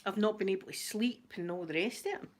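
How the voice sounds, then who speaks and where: Chatty Scottish woman host, middle-aged, easygoing live-stream banter, mid-pitched. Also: a little fast. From Scotland. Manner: chatty, greets viewers by name, laughs often. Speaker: YouTube channel host. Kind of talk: casual live-stream chat.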